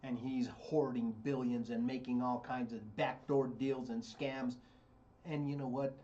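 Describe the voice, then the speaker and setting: A man's voice: mid-range voice, flat delivery, unhurried, warm tone, lo-fi sound. A man talking politics on a radio show, blunt, heated and mocking.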